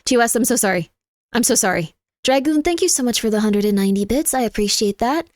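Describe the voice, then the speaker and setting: Young woman streamer, relaxed and jokey, thanks her chat a lot; higher voice, close and dry. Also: quick pace, dry recording. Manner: chatty and jokey, thanks viewers by name. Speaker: livestreamer. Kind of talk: casual live-stream chat.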